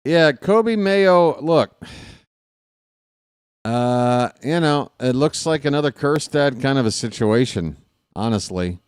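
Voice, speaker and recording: A man calling a baseball game on his own stream, chatting casually between pitches and cracking small jokes. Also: expressive, slow, clean tone, no echo, studio quality. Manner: casual, self-deprecating, jokey between pitches. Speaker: fan play-by-play broadcaster. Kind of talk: solo baseball play-by-play with chatty asides.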